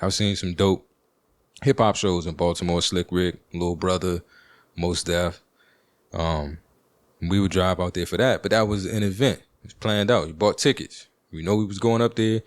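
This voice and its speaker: A podcast host with a D.C. talks in a deep, low register and tells a loose story. He uses slang and plenty of fillers. The recording is dry and close, with no room sound. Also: no room sound. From Washington, D.C. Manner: rambling, with slang and frequent fillers. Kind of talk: casual storytelling monologue.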